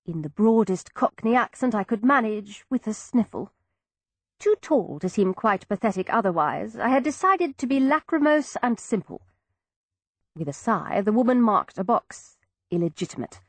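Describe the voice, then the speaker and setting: A woman narrating a period novel in an expressive, measured storytelling manner on a close microphone. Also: a little high, no echo. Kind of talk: audiobook narration.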